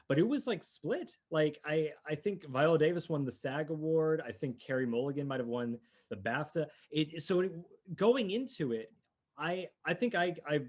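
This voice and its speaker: Man, podcast co-host, casual movie chat, rambling, eager, mid-pitched voice. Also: a little mellow. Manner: rambling, restarts often, enthusiastic.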